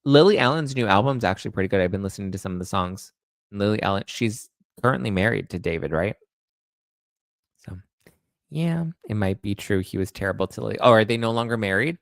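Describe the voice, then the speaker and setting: A man hosting a pop culture show in casual chat, breaking into high-pitched disbelief. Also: brisk, gravelly, no echo. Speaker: pop culture podcast host.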